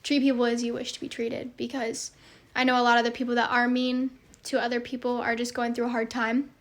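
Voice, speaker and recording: Young woman creator, high-set voice, little melody, earnest rambling talk to followers. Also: level tone, fairly quick. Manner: earnest, rambling with many fillers. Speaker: social media creator. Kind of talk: heartfelt monologue to followers.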